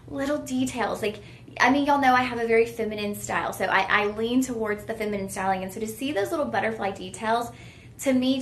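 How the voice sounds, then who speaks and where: On a live jewelry sales stream, a young woman serves as the shopping channel host, gushing, chatty, and full of "y'all." Her voice is fairly high, and the sound is roomy.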